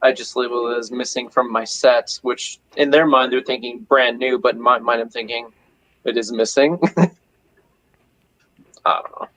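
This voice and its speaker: A man with a bright, forward voice chats easily as a guest on a livestream. He hedges and circles his points in a relaxed way. Faint noise runs behind him. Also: medium pitch, normal speed, long pauses, low-quality recording. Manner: easygoing, hedging with fillers. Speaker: fellow streamer guest. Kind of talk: casual livestream chat.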